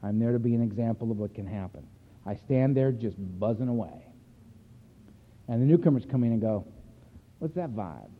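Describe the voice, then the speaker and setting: A man's voice: mid-range voice, a little fast, breathy edge. A man giving a personal recovery talk to a meeting, telling his story bluntly and with emphasis. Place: meeting hall. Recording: echoey hall over a tinny phone-like line.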